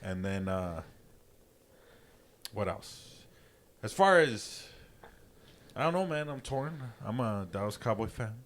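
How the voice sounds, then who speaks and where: Excitable, swearing podcast man. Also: lowish voice, slow pace, pauses often. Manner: loud, excitable, profane. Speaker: podcast co-host. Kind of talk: casual chat.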